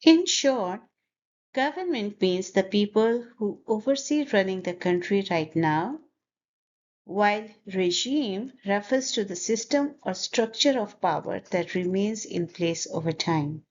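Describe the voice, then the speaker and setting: Woman teacher going slow n careful on pronunciation, bit muffled lo-fi audio. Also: mid-range voice, expressive, a little mellow, slight background noise. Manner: over-articulates words, repeating them for learners. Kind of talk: slow, deliberate pronunciation lesson.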